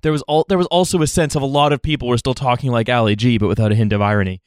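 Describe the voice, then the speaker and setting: A man from Canada co-hosting a podcast, chatting casually in a rambling, halting way with many restarts. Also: medium pitch, smooth, no room sound, clean studio sound. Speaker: podcast co-host. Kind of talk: casual chat.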